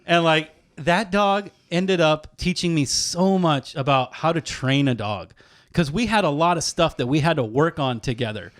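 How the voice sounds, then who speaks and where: A man in his thirties, a fishing guide and podcast guest, telling animated, profane stories in casual chat. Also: fairly high pitch, normal speed.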